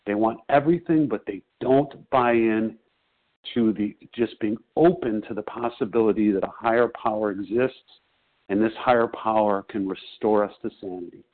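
A man's voice: fairly low pitch, normal speed. Man on a phone-call meeting, firm and insistent, repeats his points hard, thin telephone sound. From Chicago. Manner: emphatic, repetitive, preaching conviction. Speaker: twelve-step meeting member sharing. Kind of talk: personal share on a phone meeting. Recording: tinny phone line.

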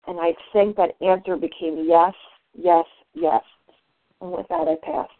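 A woman's voice: fairly low pitch, sing-song, normal speed, gravelly, no echo. Candid woman sharing over a phone line. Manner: candid, confessional storytelling. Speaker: meeting member sharing. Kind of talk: personal sharing at a recovery meeting. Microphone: phone call.

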